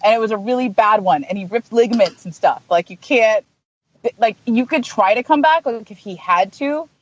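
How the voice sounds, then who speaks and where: A woman talks from her car on a freeway as a podcast panelist. Her voice sits somewhat high. She is chatty and emphatic and keeps reaching for "like" as she makes her points. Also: moderate pace, no room sound, dull audio. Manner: chatty, emphatic, many "like" fillers. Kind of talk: casual chat.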